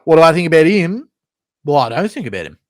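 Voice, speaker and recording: A man's voice: fairly high pitch, very animated, fast, no echo, pitched above the performer's own voice. A dismissive Australian fighter who drawls his short answers, as a streamer puts him on. The voice is raised a few notes and recorded close and dry. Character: offhand male Australian fighter.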